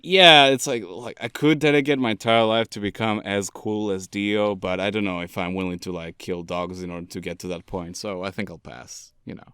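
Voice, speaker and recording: Man, podcast co-host, goofy, low voice, smooth tone. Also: steady tone, fairly quick, hardly any pauses, sharp tone, dry recording, studio quality. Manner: goofy, laughs off his own jokes. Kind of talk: casual chat.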